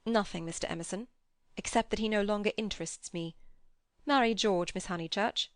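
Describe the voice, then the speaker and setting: A woman's voice: medium pitch, a little fast, dry recording, studio quality, natural voice. Woman reading as a stern clergyman, proper, clipped, cold.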